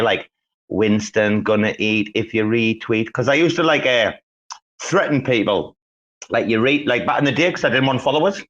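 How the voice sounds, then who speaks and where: A man hosting a casual live audio chat, swearing freely and rambling with excitement. His voice sits in a middle register. The audio is dull and lo-fi, like a low-quality online stream. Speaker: host.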